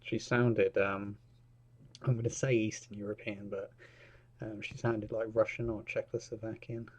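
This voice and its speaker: A man's voice: on the low side, flat delivery, moderate pace. A man narrating his repair work in a workshop, chatty and commenting as he works. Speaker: repair technician. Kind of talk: narrating a repair while working.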